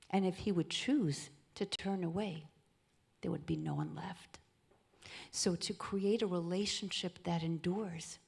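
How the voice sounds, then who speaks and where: Slow, husky-voiced woman giving a talk. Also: lowish voice. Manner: soft, dropping often into an intimate near-whisper. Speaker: speaker at a charity event. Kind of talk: inspirational talk on marriage.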